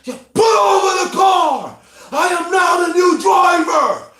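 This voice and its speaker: Man doing angry inner-child voice, yelling orders, intimidating, high and strained, echoey room. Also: expressive, normal speed, some chatter behind. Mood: furious yelling. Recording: roomy echo.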